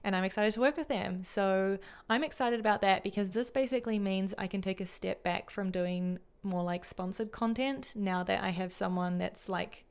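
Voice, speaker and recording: A woman's voice: mid-range voice, normal speed, hardly any pauses, clean tone. A woman from New Zealand with a New Zealand accent, co-hosting a design podcast in upbeat, chatty conversation full of fillers. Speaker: podcast co-host. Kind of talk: casual chat.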